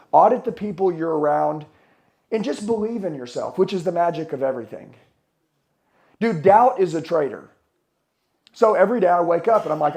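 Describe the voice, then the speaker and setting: Speaking on the high side with a mellow quality, this middle-aged man delivers a profane, no-nonsense motivational talk at a conference. He's fired up and keeps throwing questions at the live audience.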